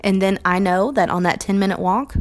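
A woman's voice: medium pitch, a little fast. A young adult woman, a Montessori teacher, speaks earnestly and reflectively on teaching and acts out short quoted phrases. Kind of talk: recorded talk on teaching.

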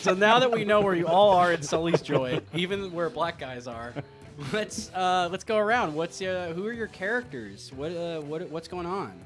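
A man running a comedic tabletop game as game master, casual and halting, often laughing. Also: high voice, lively intonation, music in the background.

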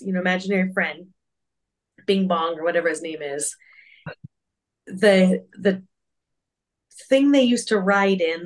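Casting: mid-pitched woman, earnest and reflective, casual podcast chat, lots of "like". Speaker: podcast co-host.

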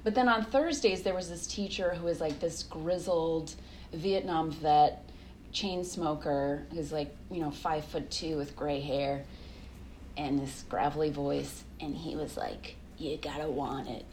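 A woman in her thirties, a guest telling lively stories in casual conversation, laughing often and acting out quotes. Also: low voice, unhurried, slight background noise. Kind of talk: casual interview storytelling.

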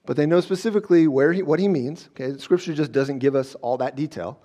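A man's voice: on the high side, quick pace, dark tone. A male pastor giving a conversational sermon, often checking in with "okay?" and acting out scenes as he goes. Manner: conversational, frequent "okay?" check-ins and restarts.

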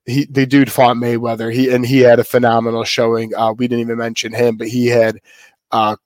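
A man co-hosts a casual wrestling podcast at a middle pitch. He rambles and restarts his sentences often. The sound is dry and close. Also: level tone, brisk, no echo. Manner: rambling, many fillers and restarts. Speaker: co-host.

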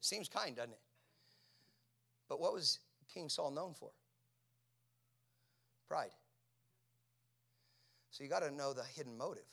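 A man preaching a sermon, asking his congregation questions and swinging from hushed near-whispers to loud shouting. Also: a little high, expressive, slow pace, vocal fry, long pauses.

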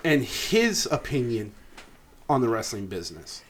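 A man co-hosting a casual podcast, speaking at an ordinary middle pitch. He tells loose, profane stories and keeps breaking into laughter as he goes. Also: sing-song, measured pace. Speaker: podcast co-host. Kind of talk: casual chat.

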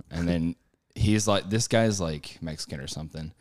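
Low-voiced young man telling rowdy stories. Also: moderate pace. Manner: animated, acts out voices in his stories, swears a lot. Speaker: podcast co-host. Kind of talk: casual storytelling chat.

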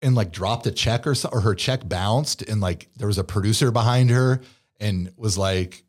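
Laid-back Californian man, slightly low voice. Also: normal speed. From California Bay Area. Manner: laid-back, heavy use of "like" and "you know". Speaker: actor guest. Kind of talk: casual interview chat.

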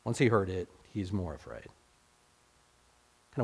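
A man's voice: low voice, big pitch swings, measured pace, vocal fry, slightly rough. A man preaching a casual, conversational sermon, asking his listeners questions and acting out the people in the passage. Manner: casual, talks to the congregation directly with rhetorical questions; acts out quoted speakers in dialogue.

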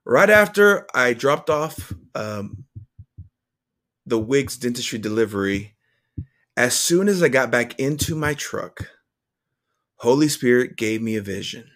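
A man reading his own journal entry aloud to viewers, earnest and emotional, with halting restarts. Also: mid-range voice, big pitch swings, a bit bright. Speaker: vlogger.

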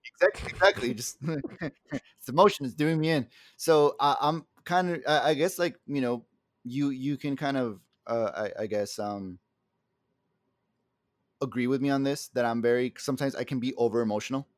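A man in a loose podcast chat, his voice recorded close and dry with no room around it. He rambles and restarts often, swears freely and talks like an openly emotional guy. His pitch sits in an ordinary middle range. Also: moderate pace, no room sound. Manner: self-described very emotional. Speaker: podcast co-host. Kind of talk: casual chat.

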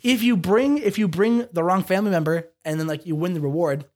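A young man co-hosting a casual podcast chat, animated and acting out quotes in shifting voices. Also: sits high, brisk. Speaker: podcast co-host.

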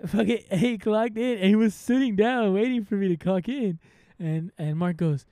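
A man's voice: high-pitched, normal speed, hardly any pauses, mellow, no echo, clean studio sound. A young man, chatting casually with a friend, full of slang and swearing. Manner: slangy, swears freely, laughs while telling stories. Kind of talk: casual chat.

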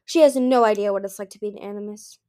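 A woman voicing a smug, scheming ancient male dragon in a storybook reading, smooth and self-assured. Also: medium pitch, quick pace, warm tone, natural voice.

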